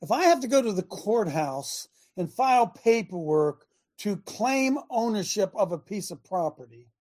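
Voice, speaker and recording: Male radio host, fiery preacher, high husky voice. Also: expressive, moderate pace, a little mellow. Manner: fervent, preachy, sarcastic. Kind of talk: preaching on a talk show.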